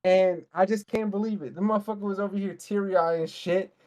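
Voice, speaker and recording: A man co-hosting a casual podcast, ranting in a heated, profane, fast way. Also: high-pitched, steady tone, a little mellow. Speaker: podcast co-host. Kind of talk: casual wrestling podcast rant.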